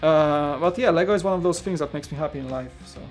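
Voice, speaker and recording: A man's voice: fairly high pitch, fast, music in the background. A man from Poland, hosting a casual livestream and chatting rambly with viewers. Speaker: host.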